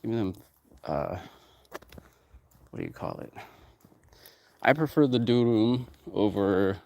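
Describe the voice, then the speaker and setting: A man's voice: fairly low pitch, big pitch swings, slow, gravelly, a little mellow, highs cut off. A man who runs a music production company, talking in a loose, rambling way, drifting between topics and swearing freely. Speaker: music producer and label owner. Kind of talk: rambling casual talk, heavy swearing.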